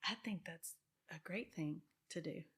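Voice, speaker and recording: A woman's voice: lowish voice, a little slow, slightly rough. A woman in her fifties, a guest in an interview, talking in an earnest, reflective way with some restarts. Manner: earnest, reflective, with frequent restarts and soft laughs. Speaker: guest, real estate broker. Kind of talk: casual interview talk.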